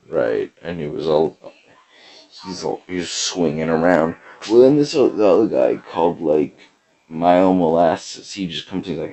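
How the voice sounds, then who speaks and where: A man hosting a podcast, delivering a rambling deadpan comedy monologue full of fillers and hesitations. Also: sits low, measured pace, poor audio. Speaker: podcast host.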